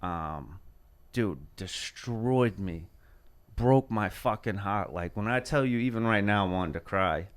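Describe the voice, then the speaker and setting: A man in his thirties with a low, smooth, resonant voice talks in casual podcast chat. He rambles through a heartfelt story and swears freely as he goes. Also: lively intonation, a little slow. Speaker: podcast host.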